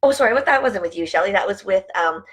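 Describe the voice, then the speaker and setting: A woman's voice: medium pitch, animated, fast talker, slightly rough, poor audio. A middle-aged woman talking casually to camera, chatty and rambling, laughing often as she goes off on asides. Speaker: vlogger and network marketing team leader.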